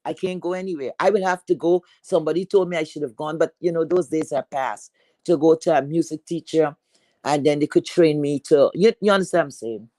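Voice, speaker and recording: A woman with a deep, heavy voice telling a personal story in a chatty, rambling way, full of fillers. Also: fairly quick, dark tone, dry recording, low-quality recording.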